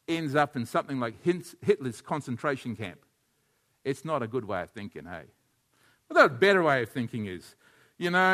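A man preaching a sermon as a pastor, animated and leading his congregation in call-and-response. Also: medium pitch.

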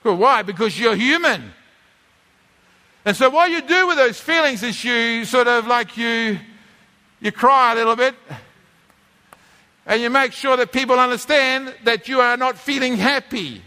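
A man's voice: very high-pitched, measured pace, long pauses, bright, forceful tone. A man, preaching a conversational teaching sermon from a drawing board, often repeating and restarting his words. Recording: long reverb of a church hall.

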